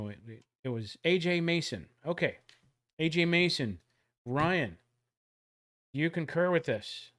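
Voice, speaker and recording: A man hosting a casual livestream trivia giveaway, joking around and calling out loud countdowns. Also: mid-range voice. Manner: jokey, animated, loud countdowns.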